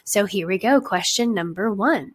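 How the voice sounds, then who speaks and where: A woman's voice: medium pitch, animated, normal speed. A woman hosting a casual family podcast and reading out trivia questions in an upbeat, playful way. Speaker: podcast host.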